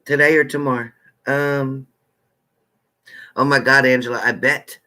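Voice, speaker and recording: A man's voice: medium pitch, flat delivery, a little slow, bright, forceful tone. A man hosting a live tarot stream, chatting casually and greeting viewers by name with familiar terms like honey.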